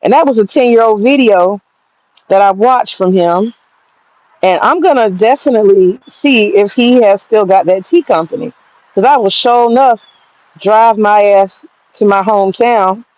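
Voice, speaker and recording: A chatty, excitable woman from Georgia, vlogging in her garden and swearing freely. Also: a little high, moderate pace, dry recording, muffled recording. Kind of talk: casual outdoor vlog. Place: outdoor home garden.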